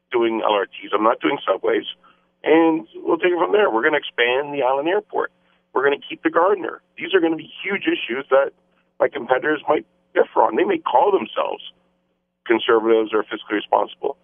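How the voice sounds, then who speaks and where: Male mayor phoning in, emphatic, repetitive, thin phone-line sound, mid-pitched. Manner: emphatic, repetitive campaign talking points. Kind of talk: radio phone interview. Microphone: telephone.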